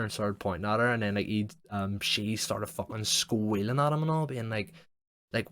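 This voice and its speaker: A man's voice: fairly low pitch, fairly even intonation, brisk, a bit bright. A young man hosting a podcast, telling a rambling story in casual chat, swearing often and saying "like" constantly. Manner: rambling, sweary, heavy use of "like". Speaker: podcast host.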